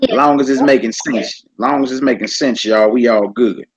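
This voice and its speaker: A man teaching a casual online language class, relaxed and conversational, repeating each word slowly for his students. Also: medium pitch, breathy edge, highs cut off.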